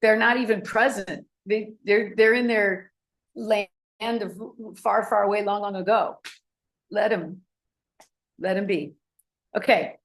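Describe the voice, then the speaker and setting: A woman telling a personal anecdote to an audience, animated and acting out the people in it. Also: mid-range voice, slow, pauses often. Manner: animated, acts out voices in anecdotes. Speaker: speaker. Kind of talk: storytelling talk to an audience.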